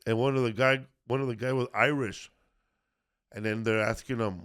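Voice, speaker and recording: A man's voice: mid-range voice, a little fast, creaky. Rambling, profane man hosting a podcast. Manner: rambling, profane, many fillers and restarts. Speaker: podcast host. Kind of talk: casual comedic history chat.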